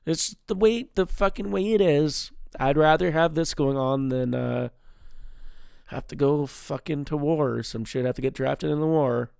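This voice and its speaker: A man's voice: on the high side, moderate pace, gravelly, a little mellow, clear, resonant tone, dry recording, clean studio sound. A young man hosting his solo podcast, rambling, swearing constantly and poking fun at himself. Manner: rambling, heavy swearing, self-deprecating. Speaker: podcast host. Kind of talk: casual solo podcast chat.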